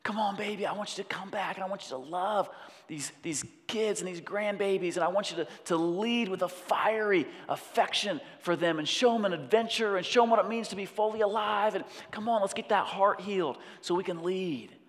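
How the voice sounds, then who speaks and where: A man's voice: high-pitched, brisk, pitched above the performer's own voice, close to an everyday voice. A man voicing a loving heavenly Father who pleads fervently with his son, heard with a long hall reverb. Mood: pleading.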